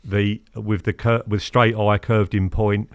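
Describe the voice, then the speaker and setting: A man in his fifties, telling stories as a podcast guest in a lively, chatty way, acting out what people said. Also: lowish voice, unhurried, no echo, studio quality. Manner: animated, acts out quotes, keeps asking "do you know what I mean?". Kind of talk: casual storytelling interview.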